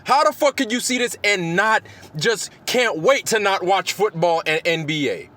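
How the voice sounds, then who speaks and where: High-voiced man in an angry cursing rant. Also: expressive, moderate pace, pushed and bright. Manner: heated, cursing constantly, repeating phrases for emphasis. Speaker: vlogger. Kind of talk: angry profane rant to camera.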